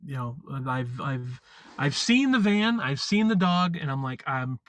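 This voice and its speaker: A man chatting casually on a live stream, rambling and halting with lots of fillers and restarts. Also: medium pitch, sing-song, a bit bright, no echo. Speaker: vlogger.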